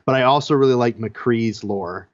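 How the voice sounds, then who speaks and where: A man's voice: medium pitch, moderate pace, no echo. A man guesting on a gaming podcast, easygoing and hesitant, laughing often. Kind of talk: casual gaming chat. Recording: dull lo-fi mic.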